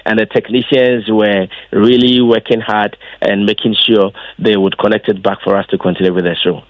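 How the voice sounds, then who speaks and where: A man, an event organizer answering interview questions as an emphatic storyteller whose voice leaps high when he gets excited. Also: normal speed, no room sound. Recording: dull lo-fi dry sound.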